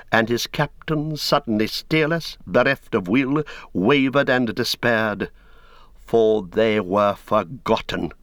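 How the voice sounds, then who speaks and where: Slow, grave male storyteller. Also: mid-range voice, a bit bright, no room sound, clean studio sound. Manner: slow, grave, deliberate storytelling with dramatic swells. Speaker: audiobook narrator. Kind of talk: scripted dramatic narration.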